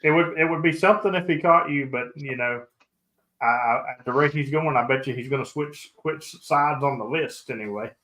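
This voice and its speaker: A man's voice: medium pitch, brisk, pushed and bright, rough recording. A man hosting a casual radio-hobby chat show, talking in a rambling way with frequent restarts. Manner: rambling, self-interrupting. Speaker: podcast host.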